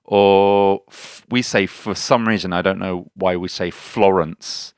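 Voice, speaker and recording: A man's voice: low-pitched, fairly even intonation, unhurried, smooth, no echo, clean studio sound. A man hosting a language lesson podcast in an upbeat, jokey way, often stumbling over his words. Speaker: podcast host. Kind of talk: casual language lesson chat.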